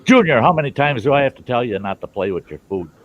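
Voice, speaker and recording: A man's voice: medium pitch, very animated, fast talker, highs cut off, voice pushed up. A man voicing a big bear scolding its cub in a told joke.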